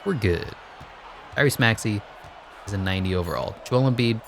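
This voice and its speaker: A man giving sarcastic, exasperated commentary over his own basketball video game play, jumping up high when he gets annoyed. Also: moderate pace, creaky, long pauses, a little hiss or hum. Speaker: gaming commentator. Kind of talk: live gameplay commentary.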